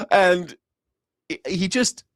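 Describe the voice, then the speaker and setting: A man's voice: extremely high pitch, big pitch swings, very slow, a bit bright, slightly rough, no room sound. A man hosting a news reaction show, with sarcastic, mocking and profane commentary. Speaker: host.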